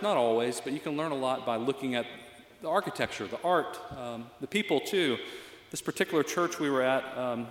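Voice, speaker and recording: A man's voice: medium pitch, roomy sound, big-room sound. A male pastor giving a reflective, conversational sermon with frequent fillers.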